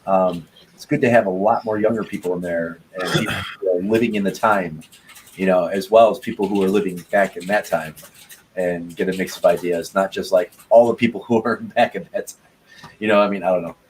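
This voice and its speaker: A man's voice: sits low, steady tone, brisk, a little hiss or hum, low-quality recording. A young man chatting casually as a podcast host, rambling and swearing often with frequent laughs. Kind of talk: casual chat.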